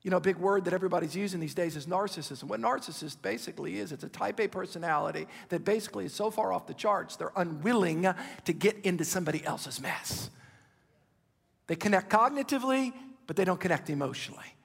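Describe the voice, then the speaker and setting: A man in his fifties preaching a sermon with impassioned urgency, dropping at times to hushed, intimate asides. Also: high-pitched, lively intonation, fast talker, vocal fry, slightly rough, big-room sound. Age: 50s. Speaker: pastor.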